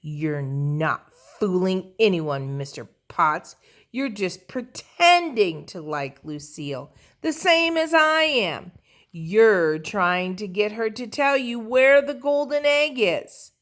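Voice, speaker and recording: A woman reading a children's storybook, voicing a bossy, showy little girl rival in a loud, gushing voice. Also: medium pitch, expressive, slow pace, pitched above the performer's own voice. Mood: accusing.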